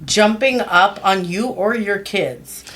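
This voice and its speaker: A woman's voice: mid-range voice, slow, fairly bright tone. A woman co-hosting a podcast who reads out list items briefly and plainly. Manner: brief and plain, laughs along. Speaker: podcast co-host reading a list.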